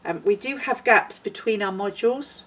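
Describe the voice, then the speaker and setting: A woman's voice: mid-range voice, moderate pace. A woman hosting a knitting podcast, chatting in a rambling and self-deprecating way. She sounds like she is outdoors in a windy garden. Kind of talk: casual chat. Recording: voice a little far from the mic.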